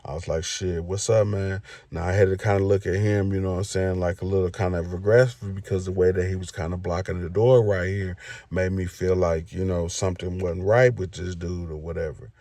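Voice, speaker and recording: A man's voice: low-pitched, flat delivery, fairly quick, dark tone, dry recording. A man telling a story in a casual storytime vlog, loose and rambling, with many fillers. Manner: loose, rambling, filler "you know what I'm saying".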